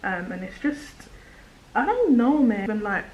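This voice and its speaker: A young woman, chatting while doing her makeup at home, rambling with lots of "like" and slipping into soft whispers. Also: medium pitch, big pitch swings, normal speed, highs cut off. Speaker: beauty vlogger. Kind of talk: chatty get-ready-with-me monologue. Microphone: camera on a tripod.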